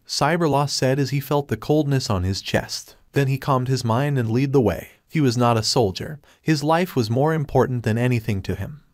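A man reading a scripted story recap in an even, steady way. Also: mid-range voice, no room sound, studio quality. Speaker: recap narrator.

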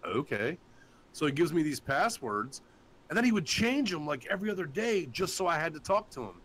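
A man's voice: a little high, very animated, a little fast, fairly bright tone, a little hiss or hum, poor audio. A man hosts a loose livestream chat and tells his stories as a rant full of swearing. His voice climbs and drops all over the place as he goes. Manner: profane, ranting storyteller. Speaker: show host.

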